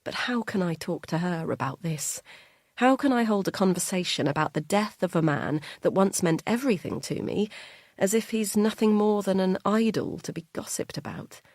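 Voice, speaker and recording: A woman narrating an audiobook in the first person, measured and quietly tense. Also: mid-range voice, lively intonation, dry recording, clean studio sound.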